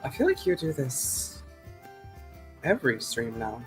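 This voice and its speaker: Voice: mid-range voice, huge pitch swings, measured pace, soft background music. A co-host on a stream, dropping dry teasing quips in casual chat.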